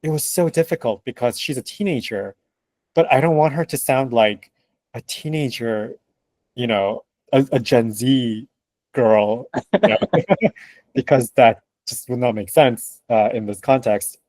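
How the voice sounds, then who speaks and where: A man who translates books, chatting as a guest in an interview, animated and laughing often with lots of fillers. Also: mid-range voice, measured pace, no echo. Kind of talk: casual interview conversation.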